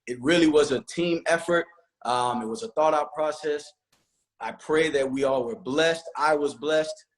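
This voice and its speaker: A man's voice: a little high, a little slow. A man who directs a church choir, giving long, emotional thanks and acknowledgements on a virtual church panel.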